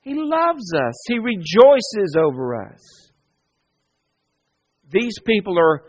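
A man preaching a sermon, earnest, moving between soft hushed lines and emphatic ones. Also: high voice. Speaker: pastor.

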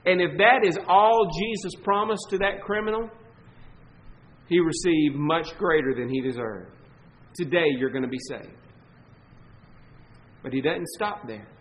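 A man with a Southern US accent preaching a sermon as pastor, emphatic, stretching key words and swinging between loud and soft. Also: fairly high pitch, animated, poor audio. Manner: emphatic preaching, swelling and dropping in volume, slow stressed words.

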